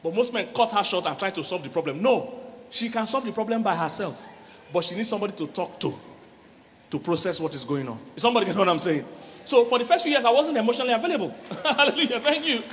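A middle-aged man, a relationship coach giving a lively church sermon on marriage, often laughing and acting out voices. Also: high voice, fast, in a large hall, a little hiss or hum. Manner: animated, laughing, acts out quoted voices.

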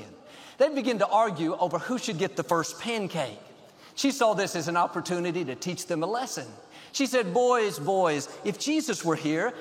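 Upbeat male preacher in a big echoing hall. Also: high-pitched. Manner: upbeat, measured preaching with rhythmic lists. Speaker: pastor. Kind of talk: sermon.

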